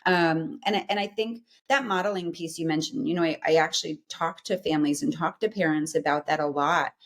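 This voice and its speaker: A psychologist in her forties, appearing as a guest in a casual interview, explains things earnestly and often checks in with "right?". Her voice is low-pitched and her pace brisk.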